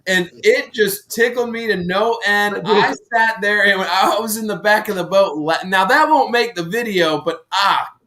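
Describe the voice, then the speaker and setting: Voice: medium pitch, unhurried, few pauses, sharp tone, a little hiss or hum. Giggly co-host telling a story. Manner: giggly, laughs through stories. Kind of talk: casual live-stream chat.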